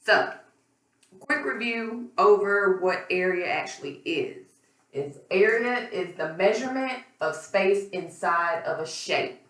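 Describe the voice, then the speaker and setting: A hoarse woman teacher giving a recorded math lesson, explaining patiently step by step with frequent ums. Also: medium pitch, animated, slow pace, a bit bright. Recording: echoey room, far from mic.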